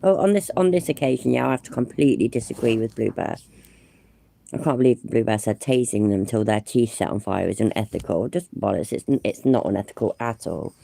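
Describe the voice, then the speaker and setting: A man's voice: lowish voice, fairly quick, vocal fry, mellow. A man doing sarcastic, exasperated reaction commentary over police footage.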